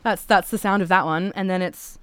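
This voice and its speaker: A woman's voice: medium pitch, steady tone, a little fast, a bit bright, smooth, no room sound. A woman, a singer who is a podcast guest, chatting casually and rambling, with many filler "like"s. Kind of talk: casual chat.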